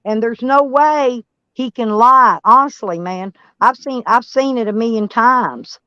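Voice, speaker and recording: A woman's voice: a little high, a little slow, clean tone, no room sound, lo-fi sound. A woman from Arkansas with a Southern US country accent, chatting casually in a rambling, stop-start way. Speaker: van life vlogger. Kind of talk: casual chat.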